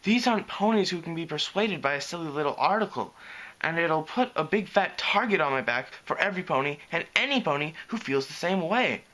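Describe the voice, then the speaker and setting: A man's voice: a little high, expressive, fairly quick, bright, forceful tone, pitched above the performer's own voice. A man voicing a gloomy, anxious young dragon who talks moodily and sarcastically. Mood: sulky. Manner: moody and sarcastic.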